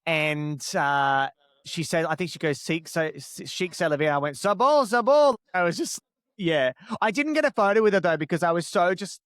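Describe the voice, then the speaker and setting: A man with a slightly raised pitch, chatting easily as a podcast guest. He laughs often and pokes fun at himself. The sound is close and dry, with no room around it. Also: moderate pace, fairly bright tone, smooth, dry recording. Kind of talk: casual chat.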